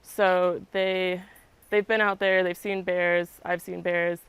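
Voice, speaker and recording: A woman's voice: lowish voice, level tone, slow pace, clean tone, dry recording. A young woman telling a story in a chatty way, with plenty of "like" and "um". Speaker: interviewee, resident. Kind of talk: casual recounting.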